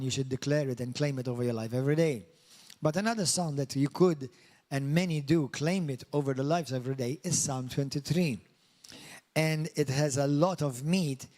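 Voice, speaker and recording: A fervent middle-aged male pastor from Malta, preaching and praying with a voice pitched above most men's. He repeats praise words and leads his congregation in call-and-response. His delivery is earnest and sermon-like. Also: darkish tone. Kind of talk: sermon with prayer.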